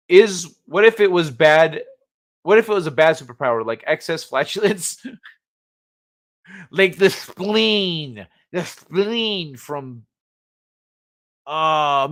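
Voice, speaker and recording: A man's voice: a little high, a bit bright. A man hosting a casual livestream chat from the United States, rambling and laughing as he reads chat aloud. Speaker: livestream host.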